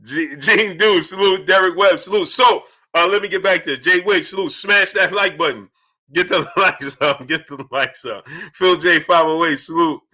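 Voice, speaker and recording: A man with a very bright, cutting voice that sits a little high, hosting a boxing talk livestream. He talks in animated bursts between loose commentary and shout-outs to viewers reading their chats. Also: normal speed. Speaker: boxing talk show host.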